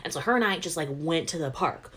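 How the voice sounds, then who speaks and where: A woman casually telling a funny childhood story, animated and playful as she acts out the voices. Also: fairly quick. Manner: animated, acts out quoted voices with big jumps in pitch and loudness.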